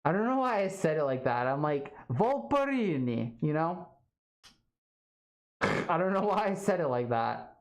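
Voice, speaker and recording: A woman's voice: low-pitched, very animated, moderate pace, long pauses. A young woman streaming live, chatting casually with her viewers and reading their comments, full of "like" and "um" fillers.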